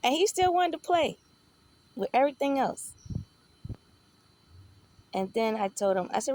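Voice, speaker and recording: A woman's voice: fairly high pitch, lively intonation, moderate pace, pauses often, darkish tone. A woman vlogger telling a long story in a casual, rambling way, swearing freely and often checking in with "you know". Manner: rambling, profane, conversational.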